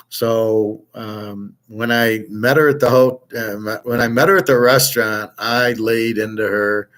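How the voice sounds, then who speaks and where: A man's voice: on the low side, fairly even intonation, a little slow, few pauses, fairly bright tone. A middle-aged man telling a personal story in a casual monologue, blunt and profane, often restarting his sentences and heatedly quoting what he told others. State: aching back, jet-lagged. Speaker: host.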